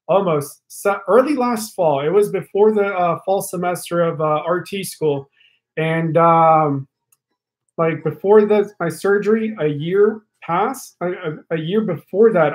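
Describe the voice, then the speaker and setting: High-voiced chatty young man. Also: poor audio. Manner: rambling with many fillers and restarts; talkative, addresses viewers directly. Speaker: live stream host. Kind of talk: casual live stream chat. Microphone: studio mic held a little away from face.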